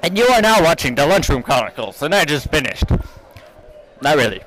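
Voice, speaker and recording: A teenage boy hosts a casual, goofy chat with his friends. He talks in a playful mock-announcer way, and his pitch jumps around a lot. He holds a handheld mic outdoors. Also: sing-song, brisk, fairly bright tone, poor audio. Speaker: host. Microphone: handheld mic passed around.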